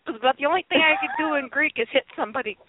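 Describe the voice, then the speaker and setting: A woman's voice: high-pitched, fast, no echo. A woman from Chicago co-hosting a podcast in casual chat, joking and laughing between remarks. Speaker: podcast co-host. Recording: dry, tinny phone-like line.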